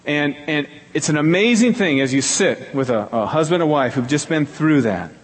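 A middle-aged male pastor preaches a sermon at normal speed with lively intonation, telling stories earnestly and repeating key phrases for emphasis. When quoting people, he acts them out in a higher voice. A long hall reverb fills the recording.

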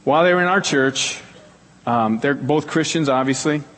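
A man's voice: normal speed, a bit bright. A middle-aged male pastor preaching a sermon, telling stories earnestly, repeating key phrases for emphasis. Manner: acts out quoted people in a higher voice. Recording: long hall reverb.

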